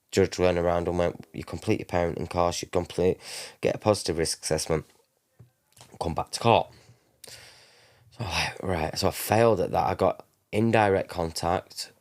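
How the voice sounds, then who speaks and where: A man, telling a painful personal story in a halting, emotional way. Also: low voice, darkish tone. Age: 30s. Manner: emotional, halting, many restarts. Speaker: podcast guest.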